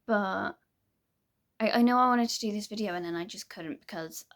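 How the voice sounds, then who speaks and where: Rambling young woman with a gravelly voice. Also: medium pitch, normal speed, fairly bright tone. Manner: rambling, hesitant, many restarts and fillers. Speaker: vlogger. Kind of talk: casual chat to camera.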